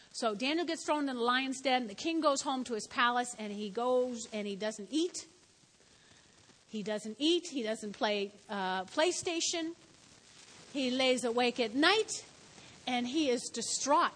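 A woman preaching a sermon, telling the story with lively, animated delivery. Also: a little high, measured pace, long reverb tail, slight background noise, low-quality recording. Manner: animated storytelling, shouts in acted quotes.

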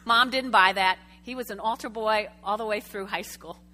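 A woman preaching a sermon to a congregation, telling a story with lively, chatty asides and questions to the room. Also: mid-range voice, normal speed, slight background noise. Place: church sanctuary before a congregation.

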